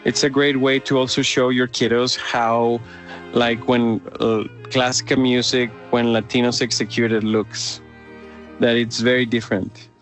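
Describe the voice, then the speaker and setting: A man's voice: medium pitch, unhurried, soft background music. A man from Mexico with a Mexican accent, an opera company director answering interview questions eagerly with many fillers. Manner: enthusiastic, animated, lots of fillers.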